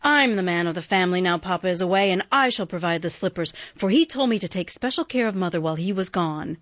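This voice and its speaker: A woman voicing a bold, decided tomboy teenage girl in a storybook, talking in a brisk, forceful, dramatic way. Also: high voice, expressive, no echo, highs cut off, voice pushed up.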